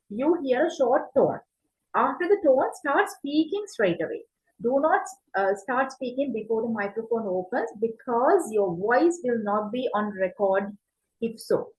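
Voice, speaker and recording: A woman's voice: a little high, rough recording. A woman teacher giving an exam-prep lesson, explaining step by step, asking and answering her own questions and checking in with "right?" between points. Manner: frequent fillers and checks like "right?". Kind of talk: online class lecture.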